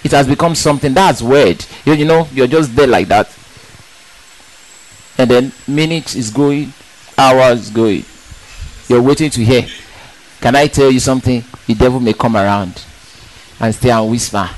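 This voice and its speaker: A man preaching a sermon in an emphatic, animated way, asking rhetorical questions and repeating words for stress. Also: mid-range voice, normal speed, long pauses, rough recording.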